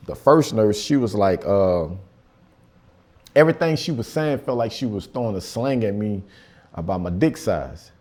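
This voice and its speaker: A stand-up comedian tells stories in loose, profane, conversational slang, his voice on the low side and a little mellow. It's a live show, with the audience's laughter audible.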